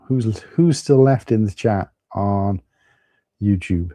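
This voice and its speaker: A man's voice: lowish voice, takes it slowly, mellow, no room sound. A man with a Welsh accent hosting a casual live stream, chatting loosely and greeting viewers by name. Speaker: livestream host. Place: at home.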